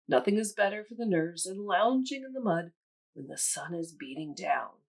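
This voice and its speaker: A woman's voice: on the low side, animated, moderate pace. A woman reading aloud and voicing a lazy, nervous pig in a children's story. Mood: languid.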